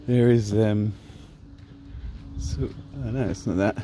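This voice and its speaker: An English vlogger who films drone flights narrates his own outdoor video by a river, chatting in a laid-back way as he walks. His voice is lowish and dark, slow and fairly even in intonation. The wind-exposed camera mic picks up slight background noise.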